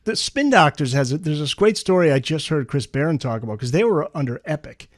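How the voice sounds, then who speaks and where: Male podcast host, slightly high voice. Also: lively intonation, fairly quick, no room sound, clean studio sound. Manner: brief affirmations and follow-up questions. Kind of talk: casual interview.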